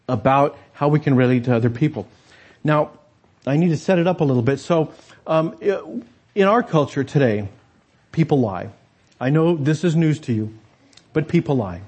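A man's voice: medium pitch, warm tone. A man preaching a sermon as pastor, talking conversationally and turning to the congregation with rhetorical asides.

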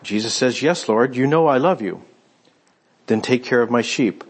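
Husky-voiced male pastor preaching. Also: mid-range voice, moderate pace. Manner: conversational storytelling, retelling scripture with quoted voices. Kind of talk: sermon.

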